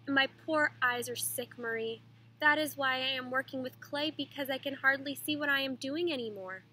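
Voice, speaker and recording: A woman reading aloud, voicing an irritable, nearly blind old male painter with a gruff, curt manner. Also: extremely high pitch, moderate pace, full character voice, rough recording. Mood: gentle. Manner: gruff, curt, then softening.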